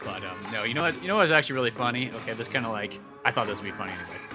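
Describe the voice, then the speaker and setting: A man's voice: mid-range voice, expressive, rapid-fire, over music. A man on a podcast telling a rambling, casual story with lots of fillers and swearing. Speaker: podcast co-host.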